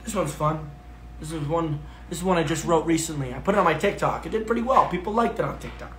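A man hosting a livestream, chatting casually, playing songs and telling animated, self-deprecating stories. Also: fairly high pitch, quick pace, echoey room. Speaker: livestream host.

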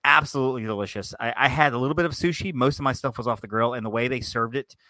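A man's voice: mid-range voice, fast talker, sharp tone, no echo. A man chatting casually as a podcast guest, a rambling storyteller who acts out little quotes. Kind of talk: casual chat.

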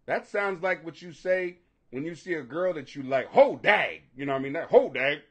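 A man chatting casually with viewers, animated and profane, joking and laughing often and tripping over hard names. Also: fairly high pitch, a little fast.

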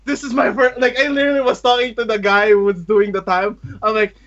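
A high, bright man's voice tumbling excitedly through a story, laughing and peppering every phrase with "like". The audio is dull and lo-fi. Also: brisk. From Canada. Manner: excitable storyteller, laughs often, says "like" constantly. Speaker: podcast co-host. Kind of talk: casual chat.

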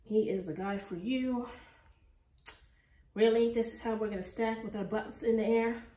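A woman's voice: on the high side, fairly even intonation, normal speed, mellow. A woman, a dog breeder chatting casually and using sweet baby talk. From Texas. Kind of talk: casual vlog narration. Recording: echoey room with faint noise.

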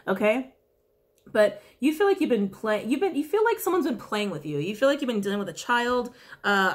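A woman giving a casual weekly tarot reading, chatty and blunt, who swears freely and keeps repeating her questions to the cards. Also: mid-range voice. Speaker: tarot reader.

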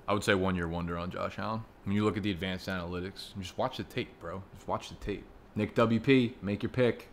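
A man's voice: sits low, creaky, slight background noise. A young man hosting a casual chat, telling stories in a profane, ranting way. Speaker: host.

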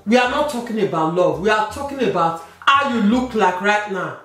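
Woman host of a family prank vlog; animated, teasing delivery, roomy distant sound. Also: mid-range voice, moderate pace. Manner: teasing, then pleading and laughing. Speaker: vlog host, wife pranking her husband. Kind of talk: casual couple prank vlog. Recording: echoey room, mic at a distance, faint music.

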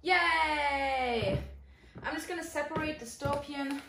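A woman's voice: on the high side, animated, moderate pace, noisy background. Young female booktuber, upbeat and chatty, recorded far off in a bedroom. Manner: chatty, swears casually. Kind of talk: casual vlog chat while tidying. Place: her bedroom. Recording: echoey room, mic far off.

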